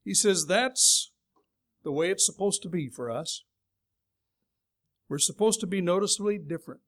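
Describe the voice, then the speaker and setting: Middle-aged guy from california giving a sermon, chatty storyteller, kinda high voice. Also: moderate pace, fairly bright tone. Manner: storytelling, folksy and conversational. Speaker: preacher.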